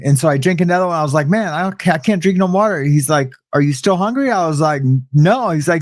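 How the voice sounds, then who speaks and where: A man's voice: fairly high pitch, quick pace, few pauses, no room sound. Laid-back man on a dry mic. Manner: laid-back, laughing, acts out quoted voices. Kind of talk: casual live talk show chat.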